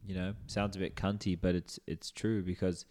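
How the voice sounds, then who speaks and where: A man's voice: sits low, normal speed. A man in casual podcast chat, talking things through at an easy pace. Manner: relaxed, reasoning aloud with fillers.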